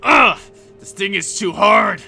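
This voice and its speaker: A man's voice: a little high, expressive, slow pace, vocal fry, sharp tone, soft background music, heavily acted. A man voicing a grumpy, impatient male fighter who grunts and complains. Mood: annoyed. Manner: grunting, exasperated.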